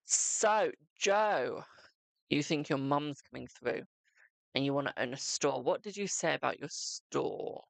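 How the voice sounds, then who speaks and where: Tarot reader live streaming, gravelly voice, dry close sound, chats away to viewers. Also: medium pitch, animated, unhurried, no room sound. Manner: chatty, calls viewers "my darling". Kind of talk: live-stream card reading.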